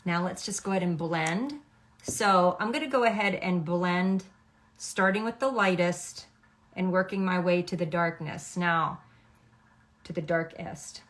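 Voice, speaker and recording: A woman's voice: on the low side, a little slow, fairly bright tone. Chatty woman teaching a makeup routine. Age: middle-aged. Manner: chatty, instructive, checks in with "okay?". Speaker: makeup artist. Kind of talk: makeup tutorial.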